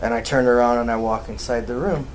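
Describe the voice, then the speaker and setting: A man's voice: mid-range voice, quick pace, slight background noise. A man, a podcast host, casually telling a ghost story with heavy swearing and acting out the quoted dialogue. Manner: profane, animated, acts out quoted dialogue.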